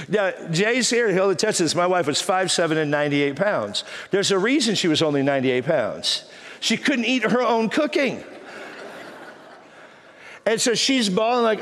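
High-voiced animated pastor in a hall. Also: male voice, normal speed. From Texas. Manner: animated, teasing storyteller acting out quoted voices. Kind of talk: humorous sermon storytelling. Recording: reverberant hall.

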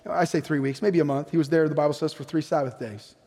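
High-voiced preacher in a reverberant hall. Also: male voice, steady tone, fast, mellow. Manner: emphatic, asks the congregation questions. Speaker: pastor. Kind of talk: sermon. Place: church sanctuary.

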